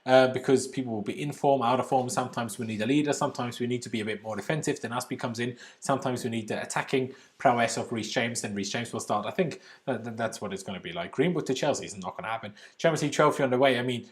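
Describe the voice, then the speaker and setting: A man's voice: mid-range voice, fast, few pauses. A young man hosting a live stream, chatty and opinionated as he reads and answers chat questions. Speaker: YouTube channel host. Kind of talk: live stream Q&A about football.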